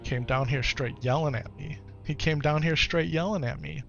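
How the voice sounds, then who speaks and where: A man in his thirties at home, talking gently and patiently to his young son, then chatting casually with his live-stream viewers. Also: on the high side, fairly even intonation, moderate pace, lo-fi sound. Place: home, in the morning. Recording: clear background music under voice. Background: music.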